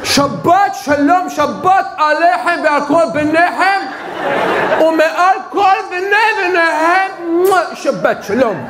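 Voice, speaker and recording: An emphatic greeter who almost orders you to have a peaceful Sabbath, as a man puts him on in a stand-up set. The voice sits very high and rings in an echoey live venue. A crowd can be heard behind it. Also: animated, fast, few pauses, heavy background noise. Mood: commanding. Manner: loud, emphatic, repeated greetings. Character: passionate man giving a commanding Sabbath greeting. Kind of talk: stand-up comedy impression. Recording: echoey live stage recording with audience.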